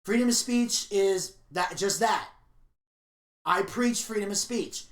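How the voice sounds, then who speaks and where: A man co-hosting a podcast, chatting casually and telling stories in an animated, opinionated way. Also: high voice, takes it slowly, roomy sound. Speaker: podcast co-host. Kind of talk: casual podcast review chat.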